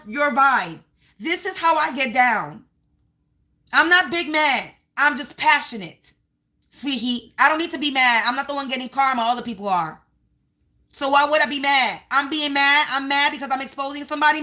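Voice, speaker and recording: A woman hosting her own channel, ranting loudly at viewers and trolls, cursing and calling them sweetie and honey. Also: sits high. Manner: loud, yelling, cursing, confrontational. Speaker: spiritual channel host. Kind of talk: ranting livestream vlog.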